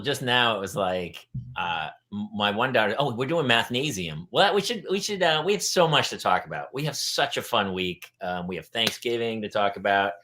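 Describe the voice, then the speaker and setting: A middle-aged man hosts a casual panel chat and tells stories, jumping into loud, high voices whenever he quotes people.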